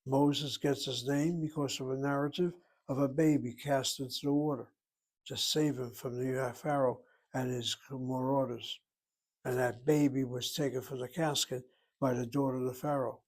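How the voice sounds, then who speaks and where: A man gives a grammar lesson in an exacting, explanatory way. He wanders into side remarks as he goes. His voice sits at an ordinary, mid-range pitch. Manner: precise, digressive, explanatory. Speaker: Hebrew teacher. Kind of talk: classroom lecture.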